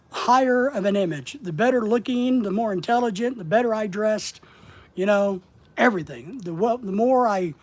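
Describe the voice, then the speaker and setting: A middle-aged man with a slight Southern accent who coaches online business in a rambling, plainspoken, casual livestream lesson. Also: high-pitched.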